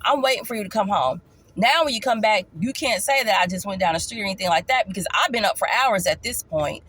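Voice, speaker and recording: A woman vlogger telling her own story in a casual storytime, emphatic, animated and repeating key points. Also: medium pitch, fast.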